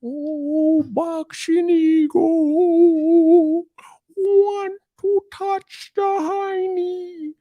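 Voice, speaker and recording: A man putting on the voice of a whiny, taunting heckler, with a high quavering mock cry that drags every word out. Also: little pitch movement, extremely slow, dull audio, exaggerated voice. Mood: mocking wail.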